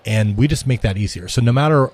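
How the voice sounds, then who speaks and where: A man who runs a restaurant tech company talks fast in a casual interview, his mid-range voice a little mellow. He rambles, repeats himself, and often tacks "right?" onto what he says.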